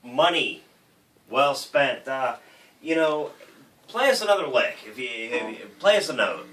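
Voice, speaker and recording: A man's voice: medium pitch, animated, a little slow, a bit bright, reverberant, far from the mic, a little hiss or hum. A man hosting a comedy show, with loose, crude, rambling banter. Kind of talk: casual banter.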